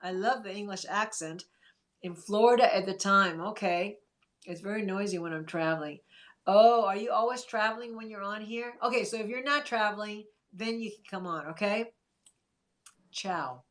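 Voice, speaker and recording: A woman's voice: medium pitch, moderate pace. A woman hosting a casual livestream, chatting in an encouraging way and reading viewer comments aloud. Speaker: livestream host.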